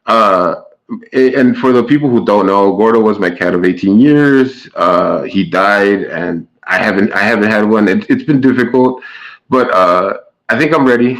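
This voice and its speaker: A man's voice: fairly low pitch, normal speed, a bit bright, poor audio. Stammering sarcastic male streamer. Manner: stammering restarts, sarcastic jabs at chatters. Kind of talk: casual chat to a live stream chat.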